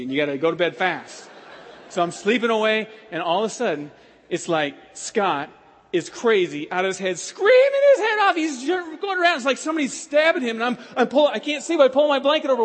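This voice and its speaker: A man preaching, telling personal stories in an animated way and acting out the voices of the people in them. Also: high-pitched. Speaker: pastor. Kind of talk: sermon storytelling. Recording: long hall reverb.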